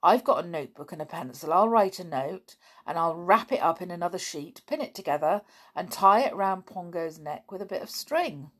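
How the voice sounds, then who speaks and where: A woman voicing an eager schoolboy with a bright idea in a storybook reading. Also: lowish voice, animated, moderate pace, husky. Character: earnest schoolboy, eager and brave.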